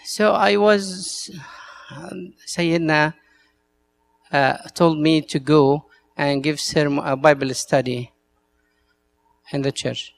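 A man's voice: fairly high pitch, vocal fry, a little hiss or hum. A male priest with an Egyptian Arabic accent, a native Arabic speaker, giving an earnest talk to church servants and telling stories in broken English.

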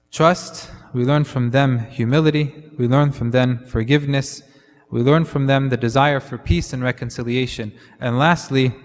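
A man's voice: medium pitch, slight background noise. A man preaching a sermon in a conversational way, often slipping in Arabic fillers. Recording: long hall reverb.

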